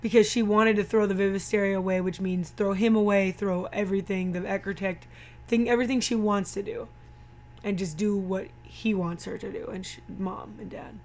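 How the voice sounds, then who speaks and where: A woman's voice: medium pitch, fairly even intonation, moderate pace, a little mellow, slight background noise. Chatty woman recapping a movie. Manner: chatty, retells scenes with quoted lines. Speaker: movie commentator. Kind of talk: casual movie recap chat.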